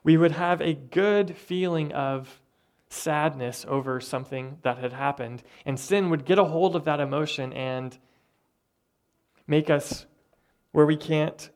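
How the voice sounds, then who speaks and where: A man's voice: on the high side, darkish tone. Man preaching in an earnest, conversational way. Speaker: pastor. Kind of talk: sermon.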